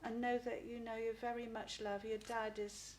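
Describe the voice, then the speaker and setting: A middle-aged woman giving a live spirit reading as a psychic medium. She talks haltingly, repeats words and often asks "please?". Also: a little high, flat delivery, a little mellow, a little hiss or hum.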